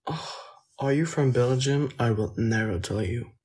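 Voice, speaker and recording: Slow, hesitant man with a French accent. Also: medium pitch. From France. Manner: soft-spoken, hesitant, trailing off. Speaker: livestreamer answering viewer comments. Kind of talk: casual livestream chat.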